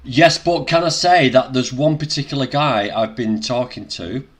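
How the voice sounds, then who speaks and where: A man's voice: medium pitch, normal speed. An older man from the UK co-hosting a casual livestream, joking and often breaking into laughter. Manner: jokey, bursts of laughter. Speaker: co-host.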